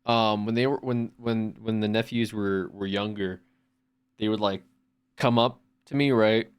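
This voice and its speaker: A man's voice: lowish voice, fairly even intonation, measured pace, clean tone. A man streaming from home, chatting casually in a rambling way with lots of restarts and swearing. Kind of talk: casual chat.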